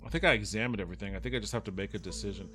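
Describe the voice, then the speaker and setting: A man's voice: on the low side, very fast, a bit bright, faint music behind. A man streaming a game, thinking aloud in casual, rambling commentary and chatting with his viewers.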